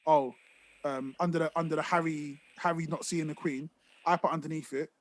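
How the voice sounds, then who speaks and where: Animated man, dry close sound. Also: a little high, brisk, no room sound. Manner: swearing, animated storytelling. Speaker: podcast co-host. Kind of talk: casual chat.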